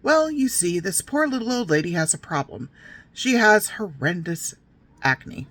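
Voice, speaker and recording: A woman's voice: fairly low pitch, big pitch swings, unhurried, a bit bright, full character voice. A woman voicing a cruel mother who relishes telling her daughters a gross, made-up tale in a sing-song manner. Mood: gleefully cruel.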